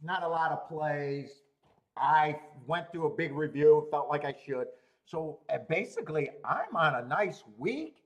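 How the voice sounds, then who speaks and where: A man hosting a horse racing betting livestream, talking casually in animated, laughing rants and stammering often. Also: a little high, unhurried.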